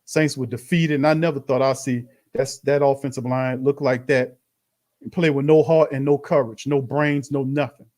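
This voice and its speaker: A man's voice: mid-range voice, fairly even intonation, normal speed, darkish tone. A man hosting a live-stream watch party, commenting bluntly on a loss and calling his viewers fam. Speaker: sports show host.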